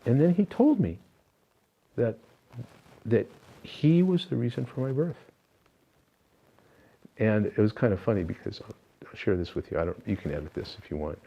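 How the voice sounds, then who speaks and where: A man's voice: lowish voice, animated, normal speed, creaky, long pauses, breathy edge, muffled recording. An older man being interviewed, recounting personal spiritual experiences in an earnest, reflective way, with many fillers and restarts. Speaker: interview guest.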